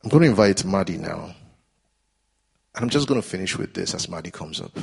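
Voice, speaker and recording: Husky-voiced man preaching a sermon. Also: low-pitched, animated, fairly quick. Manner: earnest, repetitive exhortation, builds in intensity. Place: church.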